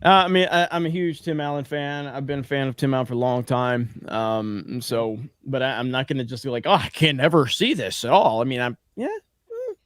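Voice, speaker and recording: A man's voice: mid-range voice, big pitch swings, a little fast, clean tone, no room sound, clean studio sound. A man hosting a casual podcast chat, blunt and rambling, with a profane, opinionated way of talking.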